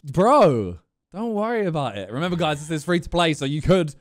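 A young man, bantering excitedly while playing a game. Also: fairly high pitch, moderate pace. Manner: excitable, teasing, big exclamations. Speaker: gaming streamer. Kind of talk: casual gaming banter. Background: game music.

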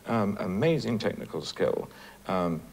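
A man's voice: lowish voice, animated, measured pace, creaky, a little mellow, slight background noise. A man reflecting on an artist's range for a documentary, thoughtful and hesitant, with many fillers. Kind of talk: documentary commentary.

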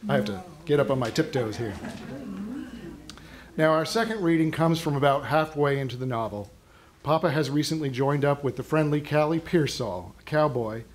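A man introducing a reading at an event, summarizing the story in plain narration. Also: a little high. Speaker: event presenter.

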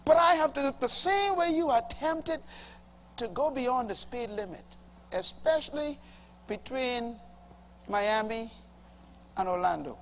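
A man's voice: very high-pitched, expressive, measured pace, pauses often, a bit bright, a little hiss or hum. A middle-aged male pastor preaching a sermon emphatically, stretching key words and calling on the congregation to respond. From Bahamas. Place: church hall before a congregation.

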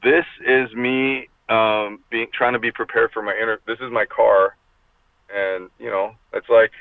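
A man's voice: fairly low pitch, level tone, unhurried, dry recording. A middle-aged man talking in a casual, rambling and profane way, as an interview guest speaking from his car over a video call. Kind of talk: casual chat. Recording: tinny call audio, dry.

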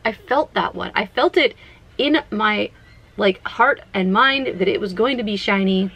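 A woman casually vlogging while she plays a phone game at home, chatty and excitable, talking to herself as she goes. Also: mid-range voice, moderate pace, creaky, poor audio. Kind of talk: casual gaming vlog.

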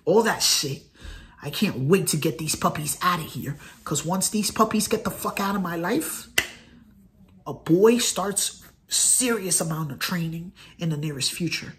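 A man in his thirties, talking casually to camera as a vlogger in an earnest, rambling way and repeating phrases. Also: sits high. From United States. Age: 30s. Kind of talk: casual direct-to-camera vlog.

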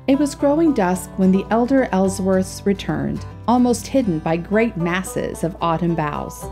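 Brief: female storytime narrator, expressive reading, mellow voice with lots of pitch movement. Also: a little slow, soft background music. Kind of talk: reading a classic short story aloud.

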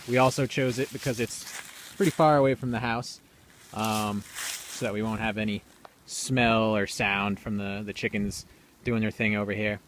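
A man's voice: lowish voice, fairly bright tone, a little hiss or hum. A young man casually explaining his outdoor building project on rural land, rambling a bit with fillers, recorded on a camera mic outdoors. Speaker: DIY video maker.

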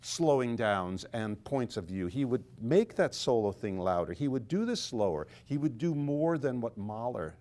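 A man's voice: medium pitch, big pitch swings, moderate pace, hardly any pauses, warm tone. An older man, a conductor and author, explaining music with animation in conversation and singing phrases to illustrate his points.

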